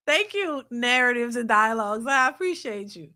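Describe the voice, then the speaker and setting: A woman's voice: on the high side, lively intonation, normal speed, few pauses, pushed and bright. A woman hosting a live reaction stream, laughing often and reading viewer super chats aloud. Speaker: reaction channel host.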